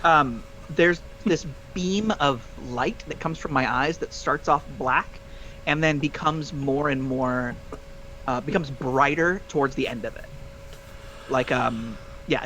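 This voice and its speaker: A man's voice: medium pitch, a bit bright, a little hiss or hum, low-quality recording. A man playing a tabletop game, describing his moves hesitantly with many fillers. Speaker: player. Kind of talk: tabletop game role-play.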